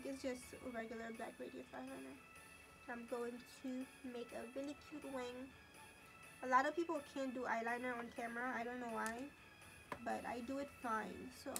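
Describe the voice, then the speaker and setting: A high-voiced teenage girl chats her way through a makeup tutorial, calling out each step as she works. Her pitch stays fairly level, and soft music plays underneath. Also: gravelly. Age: teens. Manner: chatty, narrates each step as she goes. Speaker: beauty vlogger.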